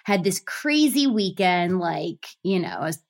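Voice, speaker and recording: A woman in her thirties, a guest telling her story in a lively, gushing way with many fillers. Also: on the low side, unhurried. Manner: animated, gushing, lots of fillers. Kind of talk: casual storytelling interview.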